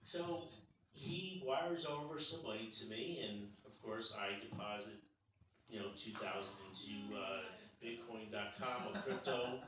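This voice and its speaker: A man's voice: fairly low pitch, unhurried, sharp tone. Older man telling rambling stand-up stories. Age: 60s. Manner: rambling, conversational storytelling. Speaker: stand-up comedian. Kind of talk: stand-up comedy set. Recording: echoey club from far off, audience noise.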